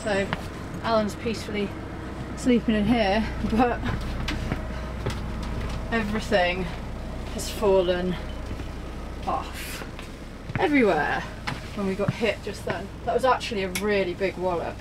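A young woman narrates her narrowboat travel vlog on the boat and along the canal towpath, breezy and chatty and laughing often. Her medium-pitched voice is a little slow, with background noise behind it.

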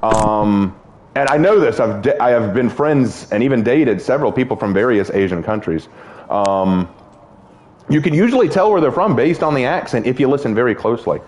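A man's voice: medium pitch, normal speed. A young man streaming a game, chatting casually and joking with friends. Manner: laughing, joking, animated. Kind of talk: casual gaming chat.

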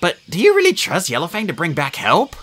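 A man's voice: sits high, wildly swooping pitch, fairly quick, a bit bright, voice pushed up, full character voice. A man voicing a young male apprentice cat who sounds anxious and doubtful. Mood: worried.

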